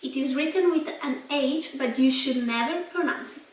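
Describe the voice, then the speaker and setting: A young Italian woman with an Italian accent, teaching a language lesson slowly and carefully, repeating each word. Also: high voice. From Italy. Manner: spells out and repeats words slowly. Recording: echoey room, mic at a distance.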